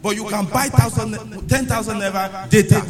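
A man's voice: high voice, steady tone, normal speed, crowd noise. A man with a Nigerian accent preaching a sermon to a congregation, mixing Yoruba into his English and calling for responses. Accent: Nigerian, Yoruba-influenced. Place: church hall with congregation. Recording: echoey church hall with congregation.

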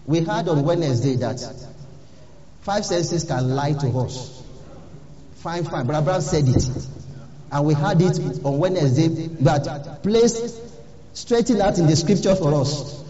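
A man's voice: fairly high pitch, measured pace, pauses often, dark tone. A man preaching a sermon as pastor, earnestly urging his listeners and repeating key phrases. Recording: echoey hall, dull lo-fi sound.

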